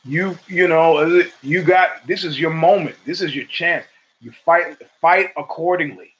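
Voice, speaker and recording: An older man hosting his own show, talking in a rambling, profane, animated monologue full of stories. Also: a little high, a little slow, slight background noise. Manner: profane, rambling, animated storytelling with acted quotes. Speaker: podcast host. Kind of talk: casual monologue.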